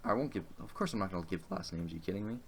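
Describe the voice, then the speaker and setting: Young man, low voice, rambling, hesitant, swears a lot, casual podcast chat. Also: expressive, very fast, husky. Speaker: podcast co-host.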